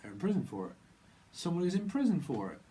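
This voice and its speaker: A man's voice: on the high side, big pitch swings, quick pace, mellow, a little hiss or hum. A man with a British accent giving a rambling, free-associating tarot reading, laughing often and dropping into silly voices. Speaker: tarot reader.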